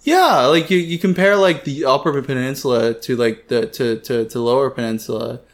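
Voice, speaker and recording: A man with a Midwestern American accent in casual chat as a podcast co-host, halting and full of fillers like "like" and "you know". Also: mid-range voice.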